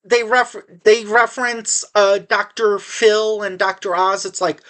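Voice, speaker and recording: A woman's voice: medium pitch, little pitch movement, unhurried, few pauses, fairly bright tone. A woman giving a casual spoken movie review, sarcastic and exasperated, rambling with frequent restarts.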